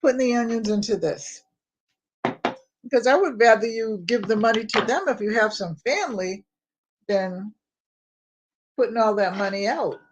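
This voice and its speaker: A woman's voice: fairly high pitch, normal speed, pauses often, background noise. An older woman chatting casually with live viewers in her home kitchen, rambling and greeting them by name. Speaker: home vlogger. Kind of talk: casual live-stream chat while cooking.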